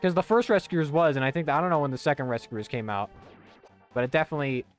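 This young streamer has a fairly high, animated voice and a quick pace. While gaming, he rambles casually, swearing often and using lots of fillers and restarts, as faint game music plays.

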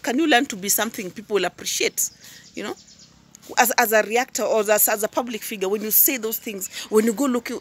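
A woman giving impassioned commentary as a YouTube reactor, firing rhetorical questions and prodding with "hmm?" and "huh?". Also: medium pitch. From Tanzania. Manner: repeats words when worked up, then drops into calmer asides.

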